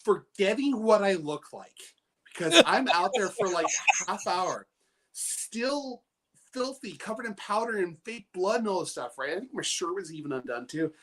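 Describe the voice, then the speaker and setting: A man from British Columbia, Canada, appears as a guest on a show and tells a rambling anecdote full of fillers and laughter. His voice is high and bright-ish, with big pitch swings, and he speaks at a moderate pace.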